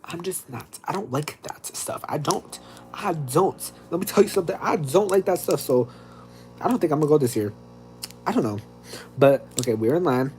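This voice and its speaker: A livestream host telling a story in an animated, dramatic way, with sudden squeaky high exclamations. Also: male voice, moderate pace, faint music behind. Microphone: streaming setup.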